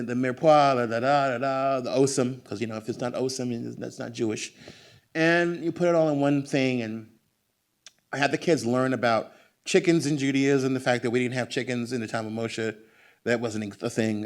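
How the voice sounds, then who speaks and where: A man's voice: mid-range voice, normal speed. American guy at a bookstore book talk, telling family stories, does little voices for his relatives. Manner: animated, acts out family voices. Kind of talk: storytelling talk to an audience. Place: bookstore event room.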